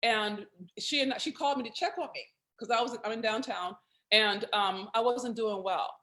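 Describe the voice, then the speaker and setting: A woman's voice: on the high side, normal speed, sharp tone. A woman hosting a live video conversation, joking and emotional, her voice catching with feeling. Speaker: host.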